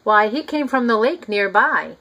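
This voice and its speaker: A woman's voice: a little high, lively intonation, normal speed, pushed and bright. A woman voicing a kindly, folksy uncle as she reads a storybook aloud.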